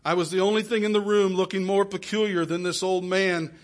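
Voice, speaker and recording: A man with a high voice preaches through an emotional story told in the first person. His delivery swings between soft, pleading passages and loud exclamations. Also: steady tone, brisk. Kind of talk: sermon storytelling.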